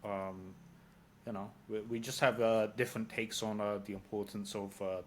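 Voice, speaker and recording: A man's voice: on the low side, level tone, normal speed, slight background noise. A man from London with a British accent, in his thirties, giving a casual interview answer full of fillers and casual swearing. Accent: British English. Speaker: interview guest.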